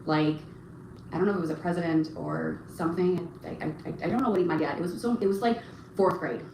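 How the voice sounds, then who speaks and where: A woman's voice: on the low side, vocal fry. Rambling young woman in a roomy room. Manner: rambling, halting, full of fillers and restarts. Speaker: livestream host reading chat. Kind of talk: casual livestream chat. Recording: roomy echo, faint background noise.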